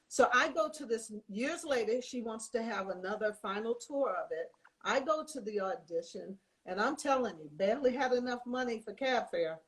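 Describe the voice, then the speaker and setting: An older woman, a lively storyteller who slips into the voices of the people she quotes. Her voice sits a little high. She talks in an easy, conversational way. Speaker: guest. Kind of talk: storytelling in casual chat.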